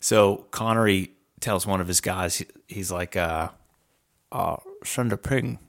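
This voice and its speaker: A man's voice: low-pitched, steady tone, unhurried, a bit bright. A man co-hosting a crude, casual chat show, joking and swearing freely. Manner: joking, swears freely, puts on silly voices. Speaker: podcast co-host.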